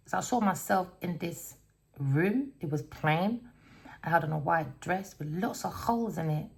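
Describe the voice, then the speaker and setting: A woman's voice: fairly low pitch, vocal fry. A woman giving a casual tarot reading, blunt and rambling, swearing constantly as she tells stories. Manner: storytelling, rambling. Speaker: tarot reader.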